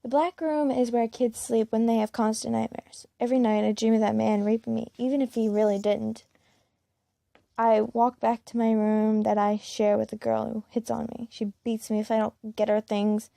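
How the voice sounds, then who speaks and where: A woman reads a first-person fan story aloud in a plain, unpolished way, with the odd slip and restart. Her voice is gravelly, mellow in tone and a little high. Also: little pitch movement, moderate pace, no room sound, studio quality. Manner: plain reading with small slips and restarts. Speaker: fan-fiction reader.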